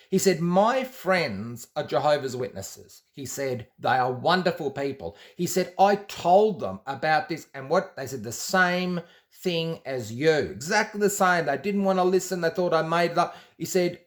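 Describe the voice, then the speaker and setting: Male storyteller, slightly higher voice, rambling monologue with restarts. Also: animated, normal speed. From Australia. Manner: rambling, with frequent restarts and quoted dialogue. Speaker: former Jehovah's Witness telling his story.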